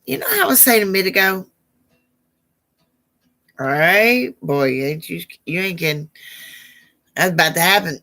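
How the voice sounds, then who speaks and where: A woman's voice: lowish voice, lively intonation, normal speed, long pauses, pushed and bright. A woman hosting a live psychic Q&A stream, chatting casually with viewers and calling them baby. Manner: affectionate, calls viewers baby, struggles over names.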